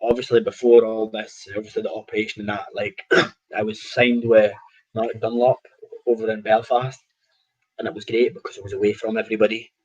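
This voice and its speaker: A Scottish man, a boxer, telling lively stories in a casual interview, often acting out what people said and laughing. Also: lowish voice, fairly quick, breathy edge, dull audio. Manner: animated anecdotes with quoted dialogue, laughs often. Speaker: professional boxer, guest.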